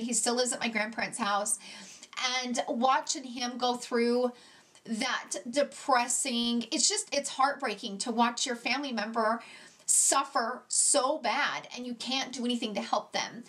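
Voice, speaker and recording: A middle-aged woman talking to camera in a casual vlog, answering her viewers' questions. Her voice sits a little on the high side. She speaks earnestly and from the heart. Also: fairly bright tone. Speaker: beauty vlogger.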